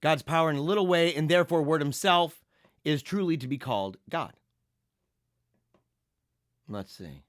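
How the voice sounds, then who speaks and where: A man hosting a casual livestream, reading viewer comments and chatting in an animated, laughing way. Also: on the high side, no echo, studio quality. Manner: animated, laughing, drawn-out slang. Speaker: livestream host.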